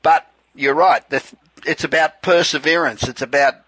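A man's voice: a little high, steady tone, normal speed, bright, forceful tone, husky, no echo, poor audio. An Australian man hosting a radio interview, gushing with praise in a conversational way. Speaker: radio show host.

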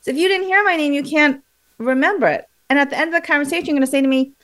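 Woman, fairly high voice, memory coach, interview guest, lively teacherly explaining. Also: racing. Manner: lively, teacherly, demonstrates with examples.

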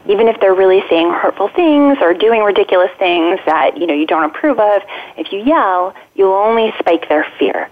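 A woman who is an adoptive parent, a guest on a radio talk show, speaking gently and practically over a phone line. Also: on the low side. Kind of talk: casual radio interview. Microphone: phone call.

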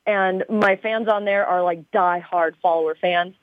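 A woman's voice: fairly low pitch, steady tone, a little slow, slight background noise. A woman from Arizona, a TV show star, chatting as a guest in an interview in a bubbly way with many fillers, heard over a tinny phone line. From Arizona, USA. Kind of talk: casual interview chat.

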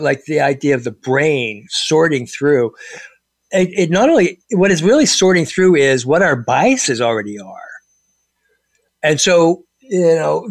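A man's voice: on the high side, no room sound, clean studio sound. A man in casual conversation, telling stories with lots of fillers and restarts. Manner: animated storyteller, many fillers and restarts.

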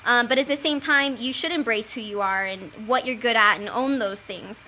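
A young adult woman chatting casually as a panelist, telling stories in an animated way. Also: a little high, normal speed, a little hiss or hum. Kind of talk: casual chat.

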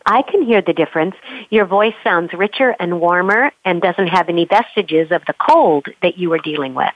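A woman voice coach answers questions in an interview. She talks expressively and now and then shows a change of pitch with her own voice. The sound is dull and dry, a little lo-fi. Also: lively intonation, moderate pace, no echo. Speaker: voice coach guest. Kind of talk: remote interview conversation.

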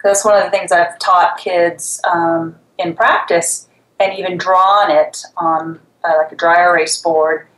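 A woman's voice: fairly low pitch, steady tone, a little slow, fairly bright tone, echoey room, poor audio. A woman therapist, a guest on a talk show, explaining things conversationally. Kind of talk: casual chat.

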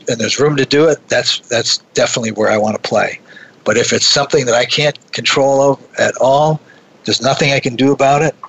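Gravelly, bright-voiced man telling a story. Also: mid-range voice, low-quality recording. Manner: animated, with frequent restarts. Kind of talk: conversational storytelling.

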